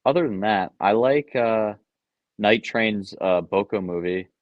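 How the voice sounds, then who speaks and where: A young man with a fairly low voice reads viewers' questions off a live chat and answers them in a relaxed, offhand way, with plenty of ums and uhs. The sound is dry and a little dull, like a modest home desk mic. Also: a little slow, no echo. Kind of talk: casual live-stream Q&A. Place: basement room at home.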